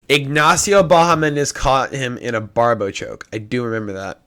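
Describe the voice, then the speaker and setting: A young man casually talking through fight predictions, cursing often and changing his mind out loud. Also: mid-range voice, expressive, moderate pace. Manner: indecisive, swears often, flips picks. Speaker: MMA prediction YouTuber. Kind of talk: casual solo prediction talk.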